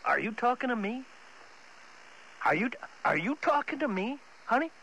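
A man's voice: very high voice, sing-song, normal speed, creaky, bright, forceful tone, slightly rough, exaggerated voice, poor audio. A man voicing an unhinged, boastful male movie star who rambles, stammers and keeps restarting his sentences. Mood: menacing. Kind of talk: comedy sketch impression.

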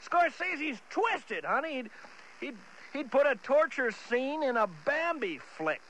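Guy doing a high, bright, ranty movie star, all over the place pitch-wise, stammering and blowing up. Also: sing-song, takes it slowly, heavily acted, poor audio. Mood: rambling boast. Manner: rambling, stammering restarts, builds to shouting. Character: unhinged boastful male movie star, volatile. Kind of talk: comedy sketch impression.

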